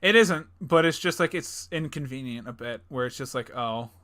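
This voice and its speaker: A young man co-hosting a casual gaming podcast, rambling with lots of fillers, laughing often and acting out game characters in quick bursts. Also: fairly high pitch, fairly bright tone. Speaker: podcast co-host. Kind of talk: casual chat.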